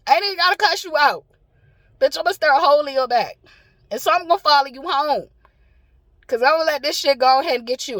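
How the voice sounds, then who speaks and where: A woman's voice: high voice, animated, brisk, pauses often, fairly bright tone, no room sound. A woman venting bluntly and profanely to her phone camera from a parked car, laughing often between lines. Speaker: vlogger. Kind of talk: casual rant to camera.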